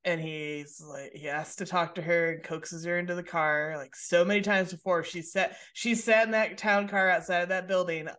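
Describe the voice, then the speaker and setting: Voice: mid-range voice, moderate pace, few pauses. Podcast co-host recapping an episode. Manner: relaxed recapper who acts out quoted lines. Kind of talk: casual chat, recapping a TV episode.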